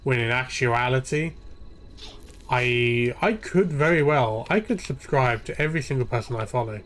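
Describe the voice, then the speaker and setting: A man's voice: medium pitch, normal speed, a bit bright. A young man ranting and swearing freely while streaming a game, rambling from point to point. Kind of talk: ranting live gameplay commentary.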